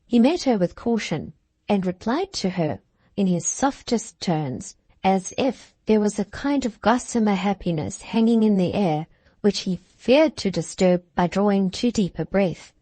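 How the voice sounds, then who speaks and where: Woman narrating a classic novel, measured. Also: mid-range voice, lively intonation, warm tone, dry recording. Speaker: audiobook narrator.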